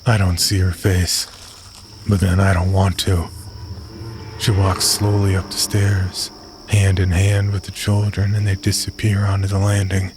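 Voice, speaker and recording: Deep, flat-voiced man narrating horror. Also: unhurried, noisy background. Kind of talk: first-person horror story narration. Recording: narration over clear music bed.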